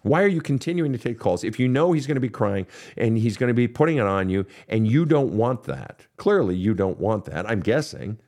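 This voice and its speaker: A man's voice: on the low side, expressive, brisk, a little mellow. A man hosting a counseling podcast, answering listener questions in a blunt, profane, direct manner. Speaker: counselor and show host.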